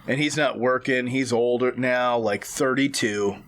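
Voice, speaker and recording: A man co-hosting a comedy podcast, telling a made-up story in casual, profane chat and breaking into shrill wailing character voices. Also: steady tone, a little slow, a bit bright. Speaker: podcast co-host.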